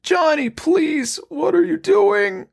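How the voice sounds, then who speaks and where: A man voicing a creature that imitates an old father, crawling and pleading in a raspy, high, wailing voice. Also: slow, exaggerated voice.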